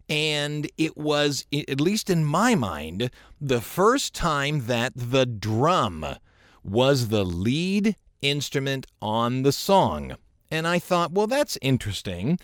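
A man's voice: medium pitch, fairly bright tone, dry recording. A man hosting a radio show in a studio, talking in a casual, joking, self-deprecating way close to a studio microphone.

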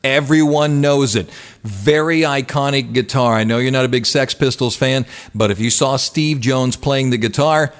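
A man's voice: medium pitch, moderate pace, long reverb tail. A man hosting a radio show, telling rock stories in a chatty, teasing way. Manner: chatty storyteller, playful teasing. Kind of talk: casual radio chat.

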